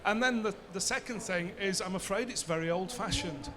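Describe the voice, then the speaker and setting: Guy in his late 50s, highish voice, chatty seminar talk, crowd murmuring behind. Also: fairly quick. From Bradford, England. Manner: conversational, answers his own rhetorical questions. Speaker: seminar speaker. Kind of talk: conference talk and Q&A.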